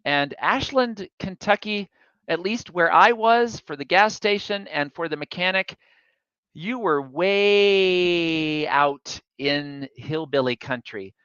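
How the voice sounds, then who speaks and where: A man's voice: high-pitched, slow pace, bright, forceful tone, smooth, no room sound, dull audio. A man giving a public talk, telling a chatty, self-deprecating story from his travels. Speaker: guest speaker.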